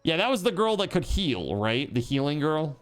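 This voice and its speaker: A man's voice: on the high side, big pitch swings, moderate pace. Joking rambly streamer guy, swears a lot, voice bounces all over, faint game music behind. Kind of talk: casual stream chat.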